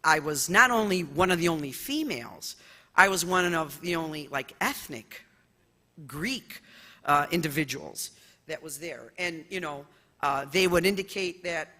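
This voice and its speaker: A middle-aged American woman, a judge, gives a conference speech made of personal stories, loud and expressive with many fillers. Her voice sits low and her pace is measured, with heavy echo from the large conference hall.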